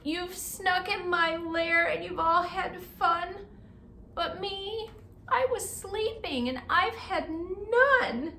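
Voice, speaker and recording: A woman's voice: very high-pitched, slow, pushed and bright, pitched above the performer's own voice, exaggerated voice. A woman voicing a grumpy big bear, woken from sleep, whining and complaining as she reads a storybook aloud. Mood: sulky. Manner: whiny, complaining. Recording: roomy echo, faint hiss.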